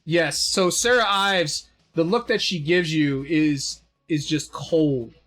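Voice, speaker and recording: A man's voice: on the high side, takes it slowly, a bit bright, faint music behind. A man narrating a tabletop game as game master, rambling with lots of fillers and self-deprecating asides.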